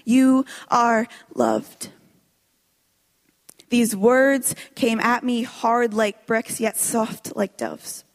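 A woman delivers a spoken word poem with slow, dramatic intensity. Her voice sits slightly high and lingers on each phrase, and a long hall reverb trails behind her words. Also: creaky.

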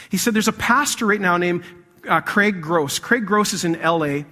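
A man preaching a sermon as pastor, animated, swinging between loud emphasis and hushed intensity. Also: high voice, big-room sound.

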